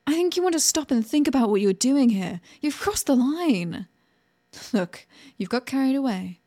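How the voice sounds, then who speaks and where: A woman voicing a sharp-tongued young woman in an adult audio role-play, sarcastic at first, later stammering and pleading. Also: high-pitched, very animated, normal speed.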